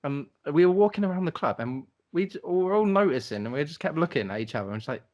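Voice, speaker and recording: A man's voice: on the high side, expressive, quick pace, a little mellow, dull audio. Rambling young man telling stories. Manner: rambling, laughing, swearing, lots of fillers. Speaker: podcast co-host telling a travel story. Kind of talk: casual storytelling chat.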